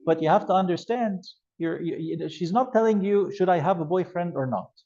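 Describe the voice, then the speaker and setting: Male lecturer, mellow and slightly high voice, lively classroom delivery, muffled lo-fi sound. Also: fairly quick. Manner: animated, acts out scenarios with voice changes. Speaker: youth ministry instructor. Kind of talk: classroom lecture with role-play examples.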